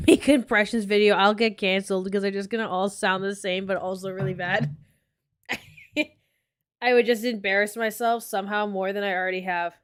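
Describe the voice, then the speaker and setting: A woman hosting a casual reaction commentary, chatty and quick to laugh at herself. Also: mid-range voice, steady tone, smooth. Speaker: commentary channel host.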